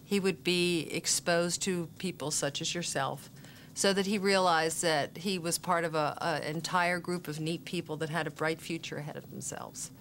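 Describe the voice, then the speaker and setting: A woman's voice: sits low, moderate pace, a bit bright, slight background noise. A middle-aged woman speaking as a mother of a son who died, earnest and emotional, her voice breaking with grief. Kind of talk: emotional interview testimony. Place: interview gathering with parents and youth.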